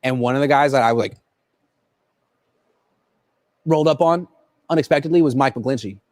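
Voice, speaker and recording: A man's voice: mid-range voice, moderate pace, darkish tone, dry recording. A man hosting a casual sports livestream from a football stadium, joking and rambling as he answers viewer questions into a laptop mic. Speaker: sports reporter and host. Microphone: laptop built-in camera mic.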